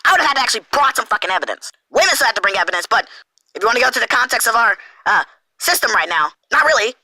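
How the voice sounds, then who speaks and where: Commentator, male, furious and sarcastic; very bright tone, wildly swinging pitch. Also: sing-song, racing, no echo, poor audio. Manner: heated, profane, sarcastic. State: angry. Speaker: online commentator. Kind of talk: angry rant.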